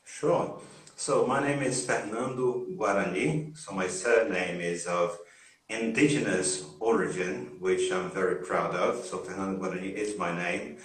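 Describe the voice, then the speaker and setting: A middle-aged man from northeast Brazil, speaking English with a British-style accent, talking in a relaxed, friendly way on a video call as the guest teacher. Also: sits low, measured pace. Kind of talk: casual chat on a video call. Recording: echoey room over a video call.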